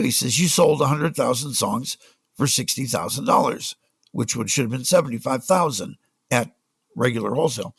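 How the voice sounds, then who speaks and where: An older man, a music business guest on a podcast, telling animated stories and acting out the people he quotes. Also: medium pitch, a little fast, creaky, breathy edge, no room sound. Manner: animated anecdotes, acts out quoted voices. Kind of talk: storytelling in a casual interview.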